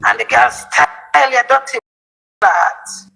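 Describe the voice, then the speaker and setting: Raspy, heated Jamaican woman ranting. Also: expressive, normal speed, sharp tone, rough recording. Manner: heated, accusing, lurching pitch. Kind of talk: angry ranting monologue.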